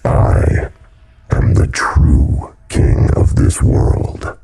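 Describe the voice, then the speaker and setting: A man voicing a menacing monstrous creature in a raspy, gurgling voice with a slow Texas drawl. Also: heavy background noise. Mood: hissing, gloating.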